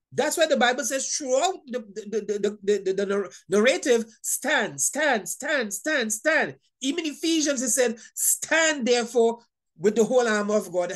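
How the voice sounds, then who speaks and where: Emphatic woman preaching, high-pitched. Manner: emphatic, repetitive, stammers on restarts, laughs often. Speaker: Bible teacher. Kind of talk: sermon teaching.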